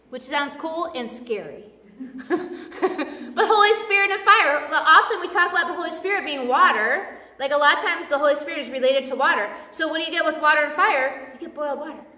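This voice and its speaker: A high-voiced woman preaches in a loose, conversational way, breaking into animated quoted voices. She sounds chatty and self-deprecating. The sound carries the long reverb of a large church hall, picked up from some distance. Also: a little fast. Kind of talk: casual sermon. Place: church sanctuary. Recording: echoey church hall from far off.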